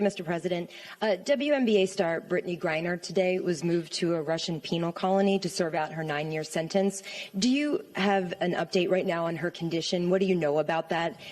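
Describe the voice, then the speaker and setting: Woman radio reporter firing off questions, lowish voice, quick and formal. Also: a little mellow. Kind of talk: press conference question.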